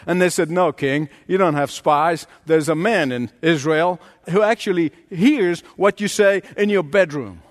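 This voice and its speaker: A man's voice: measured pace, few pauses. A middle-aged man preaching a sermon, acting out the scenes he tells with big jumps in voice. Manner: animated preaching, acts out scenes with big pitch leaps. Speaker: pastor. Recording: long hall reverb.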